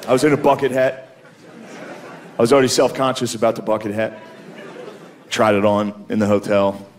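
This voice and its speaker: A man's voice: lowish voice, level tone, moderate pace, slight background noise. A man doing a stand-up comedy set, telling crude, self-deprecating stories and slipping into put-on voices. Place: comedy club stage before a live audience. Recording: live club recording, loud crowd laughter. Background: loud crowd laughter.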